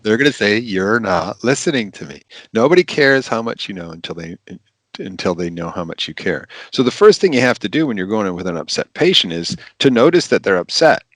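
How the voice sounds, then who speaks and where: A man, a physician, giving practical advice in an animated, emphatic podcast interview, repeating his key phrases. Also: on the low side, quick pace, dry recording.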